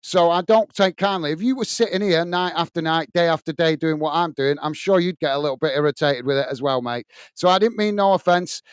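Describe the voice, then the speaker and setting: A middle-aged man with an English accent calls a live football match and reads out viewer chat, calling everyone mate. His voice is smooth and clear and sits a little high. It is recorded close on a dry mic with no room sound. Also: brisk, no room sound. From England. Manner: blunt, upfront, addresses viewers as mate. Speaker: watch-along host.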